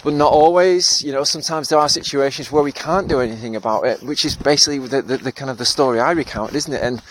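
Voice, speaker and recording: A man's voice: medium pitch, quick pace, a little hiss or hum. Reflective man, thoughtful and self-deprecating. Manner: thoughtful and self-deprecating, with frequent laughs and fillers. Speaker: podcast host and therapist. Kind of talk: reflective solo podcast monologue.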